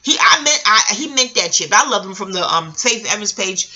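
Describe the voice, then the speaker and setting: A middle-aged woman venting in a casual, scattered, profanity-laced rant, swinging between loud outbursts and quiet asides. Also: medium pitch, animated, a little fast, lo-fi sound. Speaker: vlogger.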